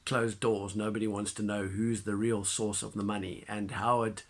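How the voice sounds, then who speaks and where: A man giving a casual spoken film review, retelling the plot in an animated way with many fillers and restarts. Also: on the low side, normal speed.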